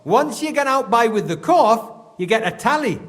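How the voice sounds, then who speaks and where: A grumbling Geordie mine foreman, blunt and thick with dialect slang. His voice sits high and swings widely as he complains. It rings with a long hall-like reverb. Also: lively intonation, normal speed, a bit bright. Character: gruff middle-aged male mine foreman, grumbling and suspicious.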